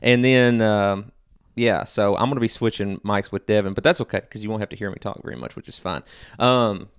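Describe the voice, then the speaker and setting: A man's voice: on the low side, brisk, smooth, no room sound, clean studio sound. A man co-hosting a podcast, chatting casually and rambling with many fillers. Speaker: podcast co-host.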